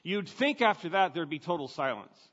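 A man's voice: a little high, big pitch swings, moderate pace, fairly bright tone, breathy edge. A man preaching a sermon in a conversational, emphatic way, asking his listeners questions. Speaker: pastor. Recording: dull lo-fi sound with long reverb.

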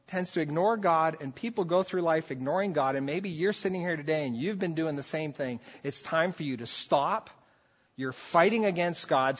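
A man preaching a sermon as pastor, impassioned, swinging between loud urgent calls and quiet, soft-spoken moments. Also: on the high side, breathy edge, in a large hall, muffled recording.

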